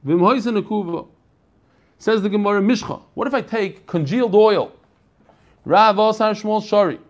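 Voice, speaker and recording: In a Talmud class, an American teacher with a high voice speaks at a normal speed. He reads the Aramaic in a singsong, then explains it in everyday English, chatting with his students along the way.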